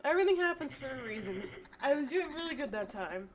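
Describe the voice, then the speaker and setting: A woman's voice: high voice, big pitch swings, fast, a little hiss or hum. A woman streamer commentating her own gameplay live, talking to herself, swearing and venting in frustration. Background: faint game music.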